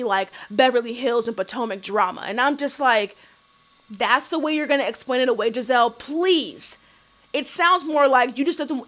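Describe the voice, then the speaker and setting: A woman's voice: high voice, a bit bright. A woman hosting a casual TV recap vlog, blunt, sassy and profane, with mocking put-on voices. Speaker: YouTube recap host.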